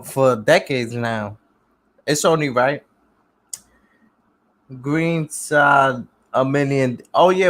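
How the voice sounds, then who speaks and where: A man's voice: mid-range voice, fairly bright tone. Laid-back man chatting on a livestream. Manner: laid-back street slang, repeats phrases. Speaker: livestream host reading comments. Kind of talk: casual livestream chat.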